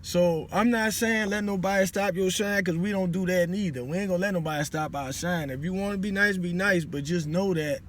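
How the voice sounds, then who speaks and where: New orleans guy in his 40s, kinda high voice, easygoing advice talk into his phone. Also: a little fast, few pauses, fairly bright tone, slight background noise. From New Orleans, Louisiana. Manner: loose and conversational, with frequent "you know what I'm saying". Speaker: vlogger. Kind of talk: casual advice monologue.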